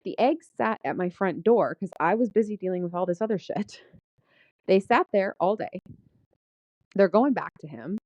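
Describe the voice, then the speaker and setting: A woman's voice: mid-range voice, expressive, moderate pace, a little mellow, no room sound. A middle-aged woman venting about her day in a candid personal vlog, frank and swearing, laughing often. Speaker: vlogger. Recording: dull lo-fi sound.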